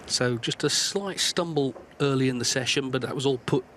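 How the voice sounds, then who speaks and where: A lead commentator calls the action in a smooth, polished broadcast style. He has a mid-range man's voice. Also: medium pitch, normal speed, fairly bright tone, slight background noise. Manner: polished, narrating the match flow. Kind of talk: live sports commentary.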